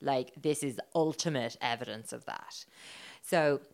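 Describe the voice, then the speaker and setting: A woman's voice: a bass voice, a little slow, darkish tone. A woman co-hosting a podcast in casual chat, telling a story with giggles and frequent swearing. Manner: chatty, giggly, swears freely.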